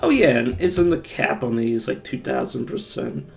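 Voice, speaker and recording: A man's voice: mid-range voice, normal speed, creaky, soft background music. A man streaming a game live, thinking aloud in a rambling, self-mocking way. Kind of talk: casual live-stream gameplay commentary.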